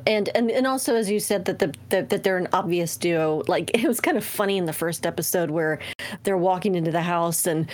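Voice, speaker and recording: Female podcast co-host, lowish voice, chatty and laughs easily. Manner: talkative, quick to laugh, many fillers. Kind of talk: casual chat.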